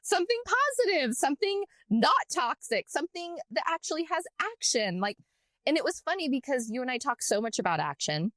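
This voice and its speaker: Woman, podcast co-host, casual chat, lively storytelling, higher pitch, dry close sound. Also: brisk, no room sound. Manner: animated storytelling with frequent fillers.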